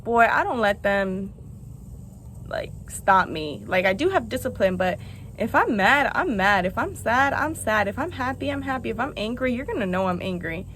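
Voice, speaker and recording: A woman's voice: on the high side, expressive, moderate pace, fairly bright tone, slight background noise. A young woman talking frankly and openly in a confessional vlog, chatty and full of casual fillers. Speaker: vlogger.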